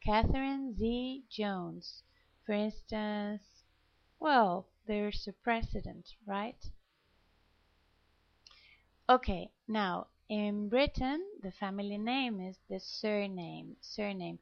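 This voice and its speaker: A woman's voice: mid-range voice, takes it slowly, gravelly. A woman with a Spanish accent, from Spain, teaching an English lesson, patiently repeating words and spelling them out letter by letter. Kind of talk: slow classroom explanation. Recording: dull lo-fi recording.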